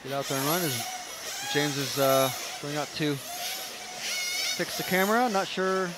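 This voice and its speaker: A man's voice: on the high side, wildly swooping pitch, slow pace, heavy background noise. A man giving casual, rambling live race commentary with lots of fillers. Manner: chatty, rambling, with frequent fillers. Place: outdoor racetrack, trackside.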